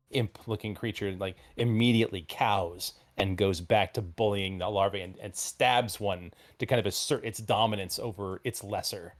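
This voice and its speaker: A deep-voiced man acts as game master for a tabletop RPG, narrating scenes in a faltering, rambling style crowded with fillers.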